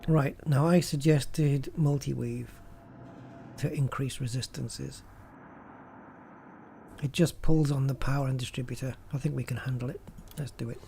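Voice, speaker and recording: A man's voice: medium pitch, steady tone, a little slow, vocal fry, pauses often, dark tone, slight background noise. A man hosting a gaming channel, chatting casually and thinking aloud as he plays. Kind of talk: casual gameplay commentary.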